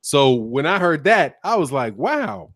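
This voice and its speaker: A man's voice: on the high side, animated, moderate pace, fairly bright tone, no room sound, clean studio sound. An American man hosting his channel, chatting casually and joking while he reads viewer comments aloud, laughing often. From United States. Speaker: channel host. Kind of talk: casual chat reading live comments.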